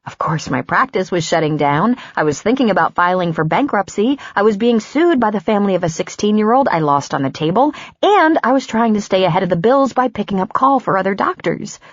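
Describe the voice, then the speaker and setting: A woman's voice: mid-range voice, animated, a little fast, dry recording, lo-fi sound. A woman narrator voicing a hurt, angry woman doctor who is ending a relationship, her voice raised and bitter. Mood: bitter, wounded.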